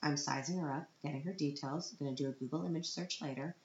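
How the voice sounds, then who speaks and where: A woman's voice: sits low, fast talker, a little mellow, a little hiss or hum. A woman in her thirties telling a personal vlog story about her child, dramatic and self-mocking, on the verge of tears. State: tearful, on the verge of crying. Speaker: parent vlogger. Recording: roomy, dull lo-fi sound.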